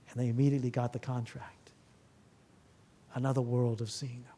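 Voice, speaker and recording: A man's voice: medium pitch, brisk, long pauses. A man, a therapist, giving a public talk to a live audience, telling stories and asking the listeners rhetorical questions. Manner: acts out dialogue in lively voices.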